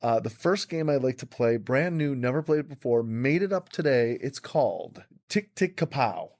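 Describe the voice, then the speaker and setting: A man's voice: mid-range voice, expressive, moderate pace, a little mellow. A man hosting an improv comedy podcast, playful and upbeat as he leads the games. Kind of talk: casual improv chat.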